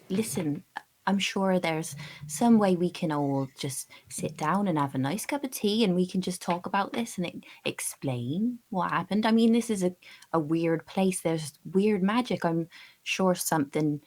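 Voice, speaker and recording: A woman's voice: lowish voice, lively intonation, measured pace, low-quality recording. A woman voicing a kind halfling man who speaks soothingly and politely, fumbling a little for words.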